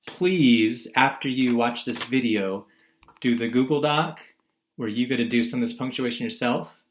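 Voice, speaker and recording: A male teacher talks through a recorded video lesson at a middle pitch. He keeps asking his class questions and answering them, and he acts out quoted lines in voices of their own. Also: normal speed, noisy background.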